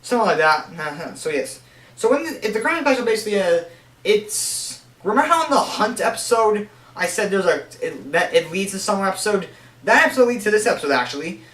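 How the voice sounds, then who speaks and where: High-voiced young man in an echoey room. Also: very animated, a little fast, fairly bright tone. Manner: rambling, many restarts and fillers. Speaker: show reviewer. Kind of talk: casual countdown commentary. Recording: echoey room, voice a bit far from the mic.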